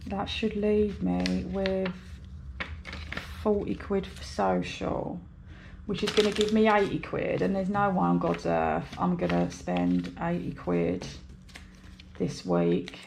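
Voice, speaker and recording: A woman's voice: on the low side, vocal fry, background noise. A British woman chatting casually to camera while budgeting, rambling and talking to herself. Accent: British English. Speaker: budgeting vlogger. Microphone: overhead camera mic.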